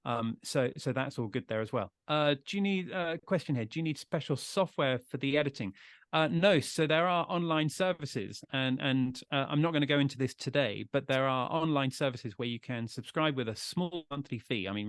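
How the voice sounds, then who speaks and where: A man's voice: medium pitch, brisk, few pauses, no room sound. A man from the UK giving an online talk on podcasting, chatty and reassuring, often restarting his sentences, speaking into a close desk microphone. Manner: chatty, reassuring, frequent restarts and repeated words. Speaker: podcast trainer giving a webinar. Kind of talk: live online presentation with audience questions. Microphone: close desk USB microphone.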